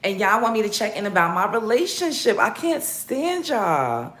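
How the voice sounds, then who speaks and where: Talking battle rap on a casual livestream, a woman chats bluntly, profanely, and playfully with her viewers. Her mid-range, fairly bright voice swings widely in pitch at a moderate pace, recorded in a roomy, echoey room.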